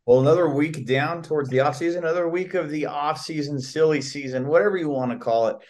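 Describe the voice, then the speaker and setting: A man's voice: on the high side, fast, a little mellow. A man co-hosting a podcast in casual sports talk, asking questions and reporting news. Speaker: podcast co-host.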